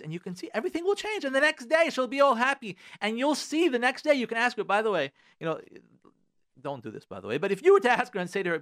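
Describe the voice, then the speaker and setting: A high-voiced male radio host talks from his studio with a very lively, swinging pitch. He is emphatic and repeats his key phrases, slipping Hebrew prayer words into his English advice. It is animated advice talk on a radio show. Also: fast talker.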